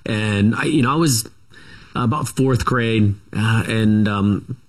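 Appearing as an interview guest, a middle-aged man with a lowish voice tells a family story. He rambles and halts, wandering into many asides.

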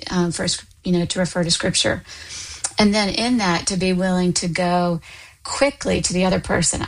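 A woman counselor answers questions as a talk-show guest. Her voice is a little low for a woman, and she talks in a thoughtful, explaining way. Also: poor audio. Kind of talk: interview answers.

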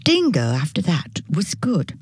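A woman reading a children's story aloud in an animated storybook style. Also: on the low side, breathy edge, no room sound. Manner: slow, animated storybook narration.

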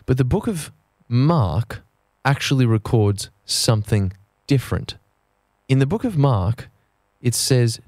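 A man preaching a sermon in an earnest way, slowing down to stress key phrases. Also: mid-range voice, animated, darkish tone, no echo, studio quality.

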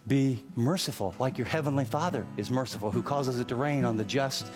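A man preaching a radio sermon, animated, acting out inner voices and swinging between emphatic and earnest. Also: mid-range voice, fairly quick, long reverb tail, loud music behind the voice. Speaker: pastor.

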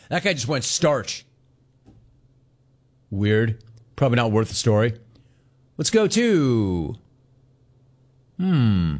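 A man hosting a sports talk radio show, telling stories in quick, animated bursts and acting out quotes. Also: on the high side. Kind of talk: casual talk radio monologue.

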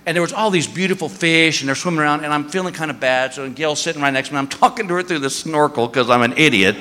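A male comedian spins a story on stage with a high, bright voice. He is loud and animated, yelping and shouting as he acts out his bits. The sound carries the long reverb of a large hall. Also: fast talker. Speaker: stand-up comedian. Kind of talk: stand-up storytelling. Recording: live show in a hall with reverb.

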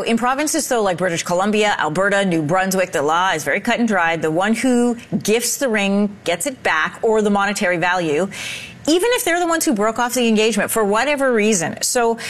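A woman hosting a morning news segment, reading clear scripted lines. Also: mid-range voice. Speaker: morning show host.

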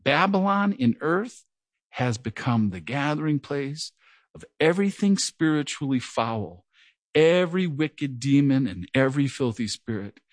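A middle-aged man with a slight stutter preaches a verse-by-verse Bible teaching. His voice sits at an ordinary pitch but swings up and down with feeling. The sound is dry and close, with no room around it. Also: lively intonation, unhurried, no room sound. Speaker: pastor. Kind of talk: sermon.

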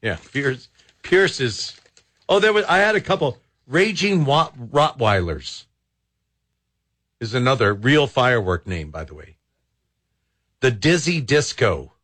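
A man's voice: mid-range voice, very animated, unhurried, long pauses, fairly bright tone. A man hosting a talk radio show, riffing aloud in a jokey, sarcastic way. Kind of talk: casual talk radio chat. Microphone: studio microphone.

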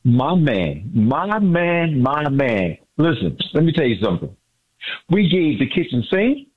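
A man's voice: fairly high pitch, measured pace, breathy edge. An overjoyed man calls in to a sports radio show. He brags and repeats his points, his voice swinging up and down. The audio comes through dull, like a phone line. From Miami area. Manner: excited, boastful, repeats himself. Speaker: caller. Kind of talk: excited sports radio call-in.

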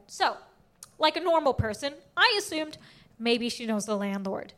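A woman doing stand-up comedy, telling a story in an animated, self-mocking way with lots of voiced quotes. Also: high-pitched, a little fast.

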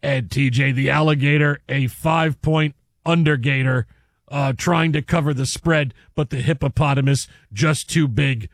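A man putting on a deadpan mock sportscaster voice to call a made-up animal fight. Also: mid-range voice, moderate pace, dry recording, clean studio sound, voice pushed down, close to an everyday voice. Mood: mock commentary.

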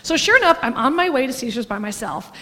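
A woman's voice: high-pitched, sing-song, quick pace, sharp tone, in a large hall. A woman telling a brash, swearing stand-up story and laughing as she goes. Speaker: stand-up comedian.

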